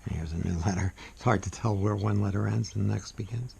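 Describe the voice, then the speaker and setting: A soft-spoken man demonstrating calligraphy in a casual, rambling way, often trailing off into murmurs as he writes. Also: lowish voice, quick pace, creaky, husky. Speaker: calligraphy instructor. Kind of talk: casual demonstration while writing.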